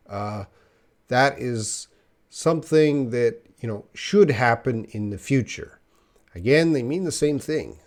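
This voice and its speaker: A man's voice: medium pitch, expressive, a little slow. A man teaching a live online English lesson, patiently explaining grammar and answering viewer questions.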